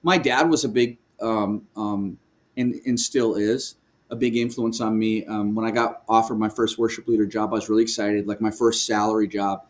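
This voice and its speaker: A man speaking as a guest in a remote video call interview, telling a personal story with lively energy, frequent laughs and restarts. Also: lowish voice, normal speed. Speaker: guest, worship leader. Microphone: video call microphone.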